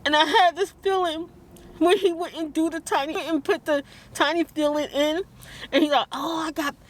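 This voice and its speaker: A woman vlogging in a heated, tearful rant, talking fast and quoting others. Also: high-pitched, fairly even intonation. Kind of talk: emotional vlog rant.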